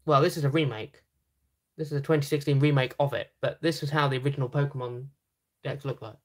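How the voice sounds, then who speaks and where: A woman's voice: very deep voice, steady tone, fast talker. A British woman hosting a casual card-sorting video, making dry, teasing asides. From Britain. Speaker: channel host. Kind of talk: casual unboxing chat while sorting cards.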